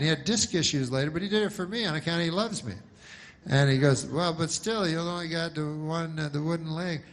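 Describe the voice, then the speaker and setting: A male comedian telling a long, rambling joke in a slow, meandering deadpan with frequent fillers. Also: a little high.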